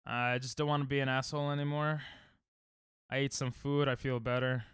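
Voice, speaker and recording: A young male streamer chats casually with viewers while speedrunning, his mid-range voice fairly quick and fairly bright with little pitch movement. The sound is clean studio audio without room sound. He rambles, pokes fun at himself and keeps restarting sentences.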